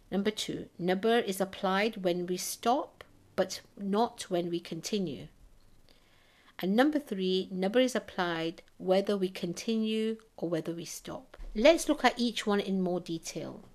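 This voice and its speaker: Female recitation teacher, measured instructional read, mid-pitched, enunciates slowly. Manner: measured, explanatory, sounds out Arabic words slowly for emphasis. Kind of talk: instructional narration.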